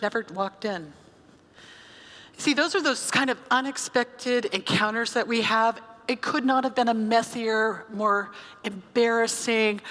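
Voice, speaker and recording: A woman pastor preaching a sermon, telling a story in a conversational, animated way. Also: medium pitch. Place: church sanctuary. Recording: church hall reverb.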